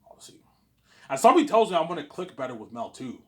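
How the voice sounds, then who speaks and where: A man hosting his own series, talking in a casual, excitable, rambling way and often repeating words as he restarts. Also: a little high, quick pace. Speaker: host of a listening series.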